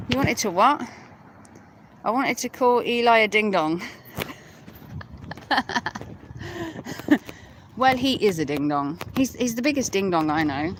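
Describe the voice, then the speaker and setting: A woman's voice: a little high, background noise. A British woman hosting a casual livestream outdoors on her phone. She giggles, teases her viewers and swears casually. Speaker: livestream host. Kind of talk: casual live chat with viewers. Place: outdoors at night near a hotel and graveyard.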